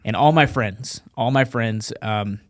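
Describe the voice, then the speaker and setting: A man in the middle of a casual story, animated and profane, breaking into the voices of the people he describes. His pitch sits in the ordinary middle for a man, and he talks like a veteran recounting something he lived through. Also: unhurried. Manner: animated, acts out dialogue, profane. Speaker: guest, Marine veteran.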